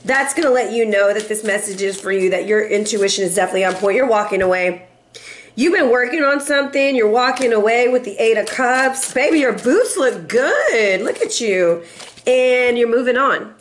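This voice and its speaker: A woman's voice: fairly high pitch, lively intonation, moderate pace. A woman doing a casual tarot reading in a sassy, playful way, laughing often and teasing her viewers. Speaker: tarot reader.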